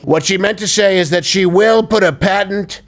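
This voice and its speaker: A man with a slightly raised pitch riffs through crude political commentary in a sarcastic tone. He keeps breaking into mocking bits as he hosts from a studio. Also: moderate pace, a crowd in the background. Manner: sarcastic, slips into mocking impressions. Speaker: show host.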